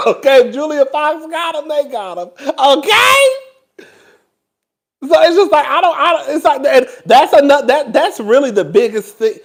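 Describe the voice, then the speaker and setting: A man from Houston, hosting a casual chat to camera in an animated, gossipy way and laughing often. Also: very high-pitched, measured pace. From Houston, Texas. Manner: animated and gossipy, laughs often, addresses listeners as "girl" and "child". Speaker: host.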